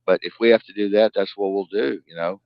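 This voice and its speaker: A man hosting a live-stream news talk show, ranting in profane outbursts that swing from loud to low muttering. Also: fairly even intonation, quick pace, gravelly, dry recording. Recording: dull lo-fi dry sound.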